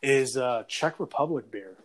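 A man co-hosts a podcast, telling crude stories with lots of laughter. His voice sits mid-range, and his pitch jumps around as he gets animated. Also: measured pace. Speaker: podcast co-host. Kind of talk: casual chat.

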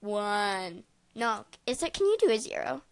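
A woman's voice: medium pitch, big pitch swings, measured pace, no room sound, poor audio. A woman co-hosting a casual podcast, chatty and full of hesitant fillers. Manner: chatty, hesitant fillers, rating things aloud. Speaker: podcast co-host.

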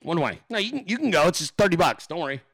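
A man's voice: fairly high pitch, very animated, fast talker, a bit bright. A man hosting a livestream of political commentary, ranting with profane sarcasm and throwing mocking questions at his audience. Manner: asks the audience rhetorical questions. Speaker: political commentator, show host.

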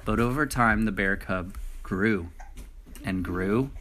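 A man's voice: on the low side, slow pace, pushed and bright, a little hiss or hum. A man reading picture books aloud with a rhythmic, playful delivery. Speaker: storybook reader.

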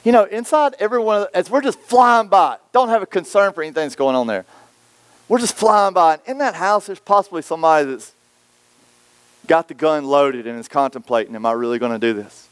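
A man preaching a sermon, telling stories and acting out quoted voices with lively swings. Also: high voice, a little fast, clean tone, no echo. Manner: storytelling, animated, acts out quoted voices. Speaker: pastor.

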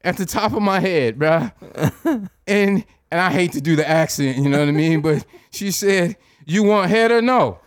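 A man's voice: a little high, moderate pace, dry recording, studio quality. A married man telling a rambling, profane story in casual chat, acting out his own reactions as he goes. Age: adult, married.

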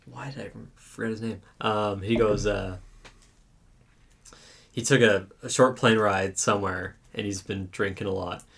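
A man with a low, gravelly voice chats on a podcast as a returning guest. His talk is loose and halting, full of stops while he hunts for a name he has forgotten. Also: steady tone, fairly bright tone. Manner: halting, searches aloud for names. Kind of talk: casual chat.

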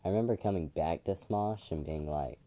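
A man's voice: deep voice, fairly quick, dark tone. A man co-hosting a podcast, chatting casually in a dry, teasing way. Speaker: podcast co-host. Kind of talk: casual chat.

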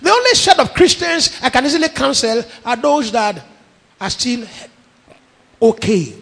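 High, husky Nigerian preacher. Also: male voice, lively intonation, measured pace, a bit bright. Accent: Nigerian English. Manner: emphatic preaching with repeated phrases. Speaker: pastor. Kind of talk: sermon. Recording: long echo of a large hall.

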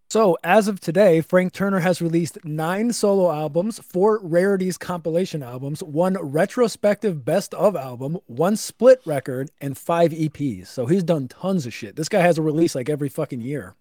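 A young man co-hosting a podcast with a fairly high voice, swearing freely and rambling through fillers as he reads notes aloud. The recording is close and dry. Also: normal speed, few pauses, darkish tone, dry recording. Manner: profane, rambling with many fillers. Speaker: podcast co-host. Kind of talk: casual chat reading notes.

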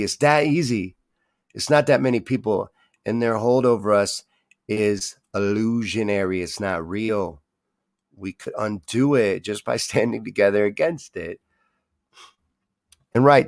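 A man hosts a live online show and talks straight to his viewers. His voice is low and gravelly and the sound is dry and close. He gets heated and swears as he answers their comments. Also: a little mellow, no room sound. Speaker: host. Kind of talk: casual livestream talk, reading chat.

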